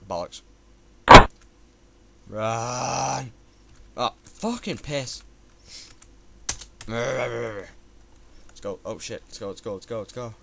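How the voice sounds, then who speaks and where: A man's voice: fairly low pitch, gravelly, slight background noise. Young man cursing at a game. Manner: frustrated, cursing constantly, shouting at the game. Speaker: gamer playing a platformer. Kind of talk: swearing let's-play commentary. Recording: loud typing and keyboard clicks behind.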